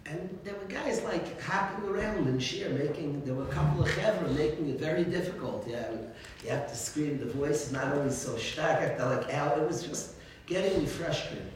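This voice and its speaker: A man, a rabbi, giving an informal religious talk full of animated stories and frequent chuckles. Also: a little high, normal speed. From United States. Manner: animated storytelling, chuckles often. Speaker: rabbi teaching a class. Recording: very echoey room, distant mic, faint noise.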